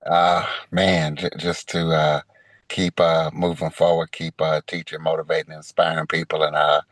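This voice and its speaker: A man with an extremely deep, flat voice answers an interview question, hesitant and plain-spoken. The sound is dry and close. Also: no room sound. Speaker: podcast guest, motivational speaker.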